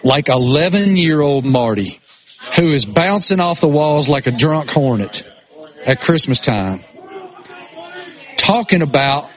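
Appalachian guy cohosting, lively, a bit high, sounds muffled over the line. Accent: rural Appalachian. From rural Appalachia, US. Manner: lively, self-mocking, drawn-out. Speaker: radio show co-host. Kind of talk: casual banter. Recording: muffled remote line over satellite internet.

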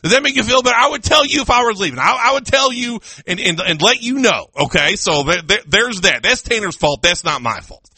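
Bright excitable man on sports radio. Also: high-pitched, fairly quick, few pauses, husky, no room sound. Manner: excitable, mock-indignant rants. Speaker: radio sports talk host. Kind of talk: casual sports radio chat. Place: radio studio. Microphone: studio microphone with headphones.

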